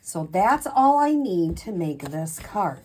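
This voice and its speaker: A woman's voice: on the low side, very animated, takes it slowly, darkish tone, slight background noise. A woman giving a casual craft tutorial as a demonstrator, chatty, with frequent ums and self-corrections.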